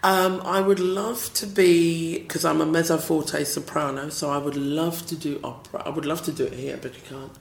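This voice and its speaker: Deep-voiced gravelly English woman. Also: steady tone, normal speed, few pauses, roomy sound, background noise. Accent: Southern English. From South East London, England. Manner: chatty and playful, laughs often. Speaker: singer as interview guest. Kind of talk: casual interview chat.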